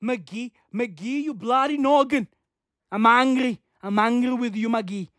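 A woman's voice: fairly high pitch, a little slow, fairly bright tone, dry recording, clean studio sound. A woman putting on a mangled mock accent to play an angry Irish man.

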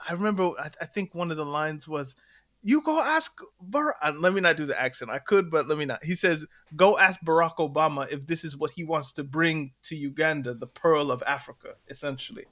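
A man co-hosting a podcast, telling a story in animated casual chat and laughing between points. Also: on the high side, brisk, few pauses. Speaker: podcast co-host.

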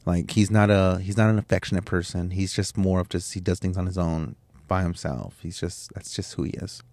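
A man speaks in a fairly low voice, telling a personal story as a podcast host. He is candid and emotional, swears freely and often restarts his sentences. The recording is dry, with no room sound. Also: fairly quick, a little mellow, dry recording.

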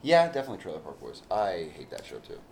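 A man's voice: low-pitched, huge pitch swings, quick pace, creaky, darkish tone, slight background noise. A man co-hosting a podcast, bantering crudely and rambling with many restarts. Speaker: podcast co-host. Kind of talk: casual banter.

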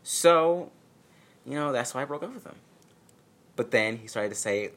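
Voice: medium pitch, expressive, moderate pace, long pauses, a bit bright. A speaker telling a personal story at home in a casual vlog, sarcastic and self-mocking. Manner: sarcastic, self-mocking, acts out quotes in exaggerated voices. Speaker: storyteller vlogger. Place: home, with a dog nearby.

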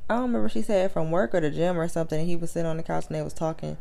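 A woman's voice: very fast, gravelly. A woman co-hosting a casual podcast chat, retelling stories and acting out the people in them. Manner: animated storytelling, acts out quoted people in higher voices. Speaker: podcast co-host.

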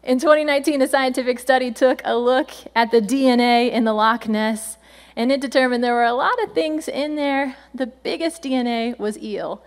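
A woman's voice: sits high, moderate pace. A woman senior pastor giving a chatty, playful sermon, laughing often as she talks.

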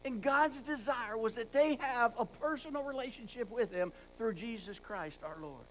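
A man's voice: extremely high pitch, moderate pace, a bit bright, slight background noise, poor audio. A man preaching a sermon with emphatic repetition, often stumbling and restarting words. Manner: emphatic, repeats words for stress.

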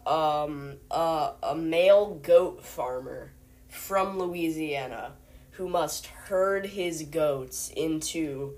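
A woman's voice: low voice, darkish tone. A young woman hosting a homemade mock news show, rambling and hesitant, full of fillers. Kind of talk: playful mock newscast.

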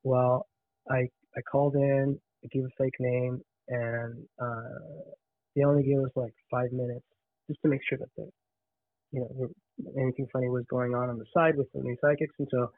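A man of middle pitch tells a story in easy conversation, animated and restarting often. His voice comes through a tinny phone line with no room around it. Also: normal speed, dry recording. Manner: animated, restarts and repeats words. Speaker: podcast guest. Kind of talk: casual storytelling.

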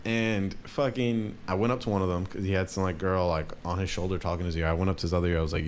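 A young man, a DJ, telling a rambling story in casual talk, swearing often and jumping up in pitch for quoted voices. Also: fairly even intonation, fast, a little hiss or hum.

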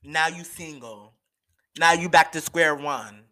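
Male podcast host, bright and crisp, slow and gossipy. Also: fairly high pitch. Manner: animated and gossipy, with slangy asides and many fillers. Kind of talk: casual solo podcast chat.

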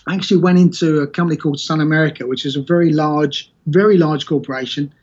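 A man with a husky, slightly raised voice talks in a loose, conversational way, often restarting his sentences as he explains his view. The recording sounds muffled and lo-fi. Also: fairly high pitch, steady tone, fast, darkish tone. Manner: rambling, self-correcting storyteller. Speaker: podcast guest. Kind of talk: casual conversation.

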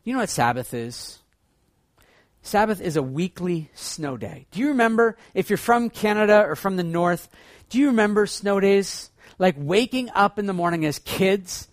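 A man preaching a sermon as pastor, swinging between loud excited bursts and hushed low passages. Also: normal speed, no room sound, clean studio sound.

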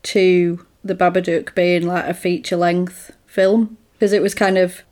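A woman's voice: lowish voice, level tone, unhurried, darkish tone. A woman in casual chat, rambling through a film plot with lots of "like" and "sort of".

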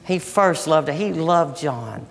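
A man's voice: fairly high pitch, lively intonation, slow, vocal fry. A man preaching a sermon in a conversational way, often restarting his sentences. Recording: long hall reverb.

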